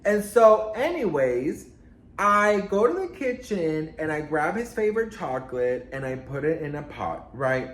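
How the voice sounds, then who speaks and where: A man telling a storytime in a sassy, dramatic way, swearing and swinging his pitch up and down. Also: big pitch swings, measured pace, fairly bright tone, echoey room. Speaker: storytime vlogger. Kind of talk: casual storytime monologue.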